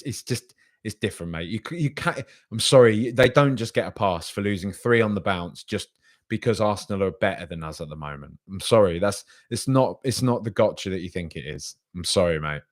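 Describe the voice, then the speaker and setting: A man hosting a casual podcast stream. He reads out viewer comments and rambles with hesitations, then argues back in an exasperated way. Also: fairly low pitch. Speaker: podcast host.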